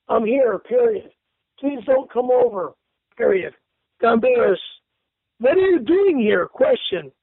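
High-pitched gravelly guy reading a thread aloud, stumbling and swearing, tinny phone-line sound. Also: no echo. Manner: reads punctuation aloud, stumbles, swears angrily. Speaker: radio show regular reading an online thread aloud. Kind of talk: indignant on-air reading.

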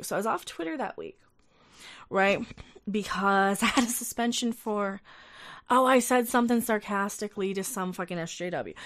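A young woman hosting a casual livestream, ranting with lots of profanity, exasperated, and reading viewer chat aloud. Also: medium pitch. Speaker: livestream host.

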